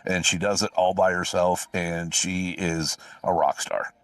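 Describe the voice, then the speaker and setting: A man's voice: sits low, level tone, measured pace, no room sound. A man co-hosting a podcast, chatting casually and enthusiastically. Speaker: podcast co-host. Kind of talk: casual chat. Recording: dry, a bit far from the mic.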